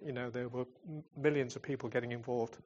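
A man with a mid-range, darkish voice speaks fast and steadily, though the audio is dull. He represents a charity in churches and gives a chatty, informal talk that ends in a prayer. Calling himself a fun-loving comedian type, he tells stories full of hesitations and restarts.

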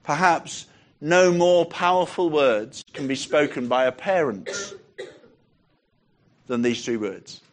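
A man preaching a sermon, emphatic, asking rhetorical questions and slowing down on key phrases. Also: a little high.

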